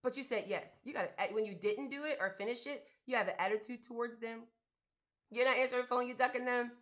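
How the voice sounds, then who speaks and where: A woman's voice: a little high, fast talker, a bit bright. Woman host, motivational live talk, emphatic and colloquial, chatty. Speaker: host giving business grant advice.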